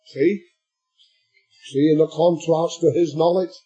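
A man delivering a sermon in a slow, drawn-out cadence. His voice is husky and mellow, and it rises to emphatic peaks. Faint music plays behind him. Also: on the high side, steady tone, lo-fi sound. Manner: slow and emphatic, swelling to shouts at climaxes. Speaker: preacher.

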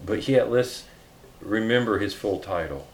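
A man's voice: lowish voice, animated, unhurried. A man preaching a sermon, reading scripture aloud with earnest emphasis and some hesitant restarts.

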